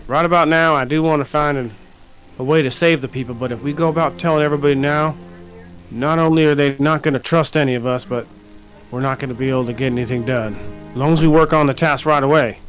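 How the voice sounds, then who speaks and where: A game master playing a hesitant town constable. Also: male voice, a little high, fairly even intonation, fast talker, soft background music, close to an everyday voice, poor audio. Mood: earnest. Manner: hesitant, many restarts and fillers. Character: earnest small-town male constable. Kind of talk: tabletop role-play game mastering.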